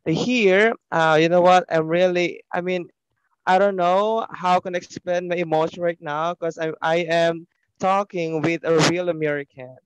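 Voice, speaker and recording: A man speaks in a smooth, resonant voice sitting a little high for a man, and the sound is dry and close. He talks with excitement, often stopping and restarting his sentences. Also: dry recording, rough recording. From Philippines. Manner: excited, halting, many restarts and self-corrections. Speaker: English teacher and linguistics postgraduate. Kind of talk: casual online class chat.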